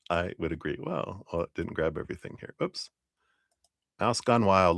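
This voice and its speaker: A man's voice: deep voice, sing-song, a little slow, gravelly, long pauses, husky, no room sound, clean studio sound. A man hosting a live-stream tarot reading, chatty and laughing often as he talks to viewers by name. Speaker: tarot reader.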